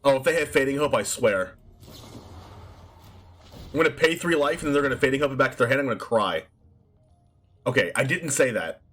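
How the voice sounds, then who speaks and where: A man giving excited gameplay commentary on a card game he streams, yelping and laughing as he talks to himself. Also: medium pitch, brisk, long pauses, slightly rough.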